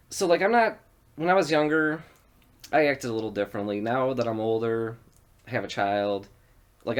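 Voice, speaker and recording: A man from western New York co-hosting a podcast, telling profane stories in a loose, animated way. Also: medium pitch. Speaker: podcast co-host. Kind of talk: casual storytelling chat.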